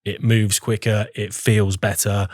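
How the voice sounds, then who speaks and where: A man's voice: on the low side, flat delivery, unhurried, darkish tone, no room sound. A man, a golf pro co-hosting a podcast, easygoing with dry teasing. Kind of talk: casual chat.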